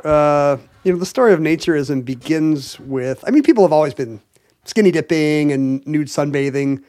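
A man's voice: on the high side, normal speed, dark tone. Jokey, explaining male podcast host. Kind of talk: casual chat.

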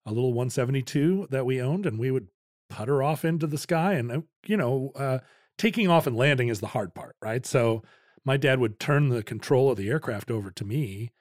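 Male co-host, average pitch, laid-back storyteller, dry studio sound. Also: lively intonation, fairly quick, a little mellow, no room sound. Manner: easygoing storyteller, laughs often. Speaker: podcast co-host. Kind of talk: casual conversation.

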